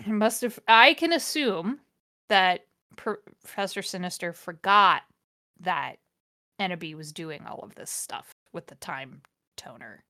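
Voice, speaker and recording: A woman's voice: on the low side, animated, unhurried, pushed and bright, no echo, clean studio sound. A woman hosting a podcast, reading a fanfiction aloud and breaking off for wry, exasperated asides. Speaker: podcast host.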